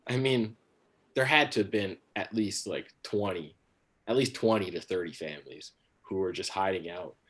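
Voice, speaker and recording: Male stand-up comic, fairly low voice, loose and rambling, swears freely. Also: moderate pace, fairly bright tone, breathy edge. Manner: rambling, many fillers and restarts, crude. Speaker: stand-up comedian. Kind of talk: stand-up set on a livestream.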